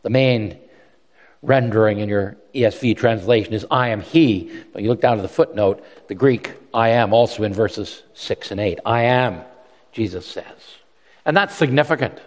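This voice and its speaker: At a moderate pace and in a lowish voice, a man gives a conversational sermon that echoes with a big-room sound. He tends to repeat his words and puts on animated voices for the quotes he recounts.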